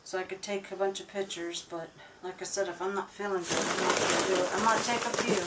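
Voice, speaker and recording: A woman's voice: fairly low pitch, fairly even intonation, quick pace, very noisy. A woman talking casually to a camera in a small woodland cabin, chatty and giggly.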